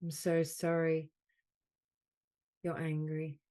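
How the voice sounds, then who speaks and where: Low, mellow-voiced woman guiding a healing call. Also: completely flat delivery. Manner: slow, repetitive soothing phrases. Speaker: soul mentor leading a group call. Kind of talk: guided healing session. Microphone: video call.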